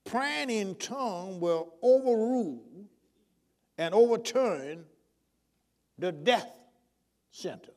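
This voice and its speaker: A man's voice: high-pitched, expressive, takes it slowly, pauses often, a little mellow. A male preacher delivering a sermon, prodding the congregation with call-and-response questions.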